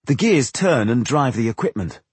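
A male narrator voicing a calm, knowledgeable male dwarf scholar who explains things patiently. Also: mid-range voice, moderate pace, husky, no echo. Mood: explaining. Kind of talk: audiobook character voice.

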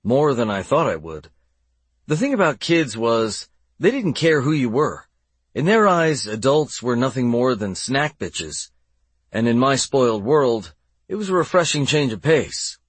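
A man with a husky voice narrating a first-person novel in a steady, measured way, recorded on a close studio mic. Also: mid-range voice, no room sound. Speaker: audiobook narrator.

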